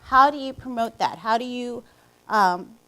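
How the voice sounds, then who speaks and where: A woman's voice: fairly high pitch, a little slow, fairly bright tone, low-quality recording. A woman educator co-presenting at a teacher training, sharing a classroom anecdote and prompting the audience to discuss.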